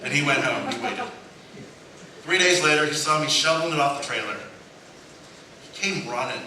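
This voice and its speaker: A man with a somewhat high, sharp voice speaks at a normal speed. He's a pastor delivering a sermon, telling funny stories, acting out the voices of the people in them, and laughing at his own jokes. The recording was made from far off in an echoey church sanctuary and has noise.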